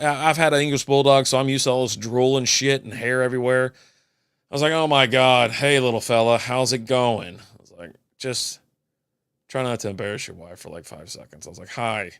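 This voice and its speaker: A man's voice: mid-range voice, fairly bright tone, no room sound. An older man hosting a casual solo beer podcast, telling rambling, profane stories with dry asides. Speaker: podcast host.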